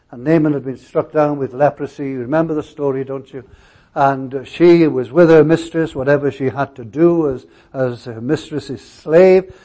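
A male pastor preaching a sermon, telling stories in a halting way with many restarts and fillers. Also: fairly high pitch, warm tone.

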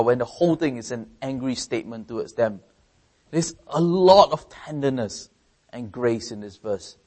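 A man's voice: expressive, a little slow, darkish tone. A man preaching a sermon in an earnest way, often restarting and repeating words, lifting his voice for emphasis. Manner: earnest, rises in pitch and volume for emphasis.

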